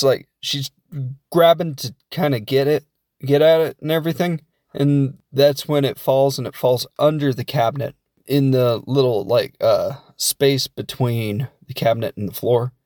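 A man's voice: mid-range voice, darkish tone, dry recording. Chatty man rambling through a film recap, dry sound. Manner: rambling and jokey, with frequent fillers and asides. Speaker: film reviewer. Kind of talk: casual spoken film recap.

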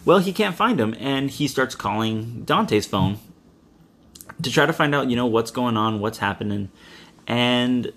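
A man's voice: mid-range voice, expressive, measured pace, a bit bright. A man co-hosting a casual podcast, retelling a film's plot in a loose, rambling way. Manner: rambling retelling with quoted asides. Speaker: podcast co-host recapping a movie. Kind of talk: casual chat.

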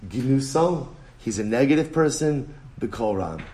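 A rabbi gives a Talmud class in a mid-pitched man's voice. He talks with energy and stresses points by repeating them. His English is full of Hebrew and Aramaic terms. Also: measured pace, slight background noise. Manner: animated, emphatic, repeats phrases, switches between English and Hebrew-Aramaic terms. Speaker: rabbi teaching daily Talmud page. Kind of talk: Talmud lecture.

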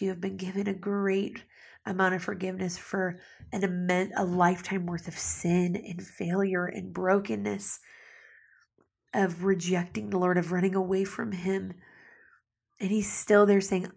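A woman's voice: on the low side, vocal fry, slightly rough. A woman preaching a sermon in a conversational way, with asides and restarts, reading scripture passages aloud.

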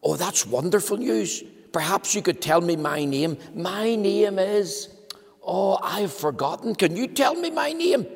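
Forgetful, muddled storybook man, voiced by a man; dithering, trailing off, high squeaky rises. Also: very animated, unhurried, gravelly, slightly rough, in a large hall, exaggerated voice.

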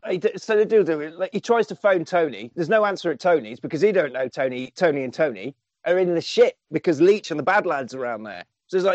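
On a podcast, a male co-host casually recaps a film's plot in a fairly high voice, talking quickly. He's an animated storyteller who acts out quotes and swears freely. The audio is dry, with the high frequencies cut off.

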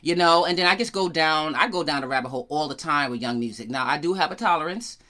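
A middle-aged New Yorker, talking loosely and profanely in casual chat. The voice is bright and forceful at an ordinary pitch, and the speaker laughs often. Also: fast talker. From New York.

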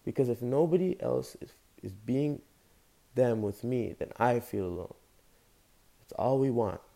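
A man's voice: medium pitch, measured pace, vocal fry, warm tone. A young man giving an impassioned, rambling motivational monologue as a show host, talking casually with slang. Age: young adult. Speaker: podcast host.

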